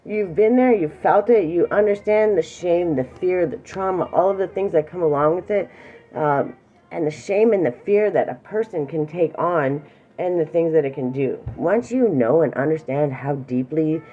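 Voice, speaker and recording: A woman's voice: low voice, normal speed, phone-quality sound. A middle-aged woman teaching emotional awareness in a casual, earnest talk, reassuring a viewer directly and sometimes close to tears. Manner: warm, earnest and reassuring, speaks straight to one viewer; emotional, near tears at times.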